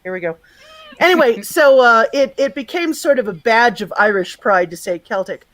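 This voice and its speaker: A woman's voice: a little high, lively intonation, moderate pace, poor audio. A woman guest chatting casually on a video call, explaining things in a digressive, talkative way with lots of fillers. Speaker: guest, magazine and radio presenter. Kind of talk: casual chat, explaining word history.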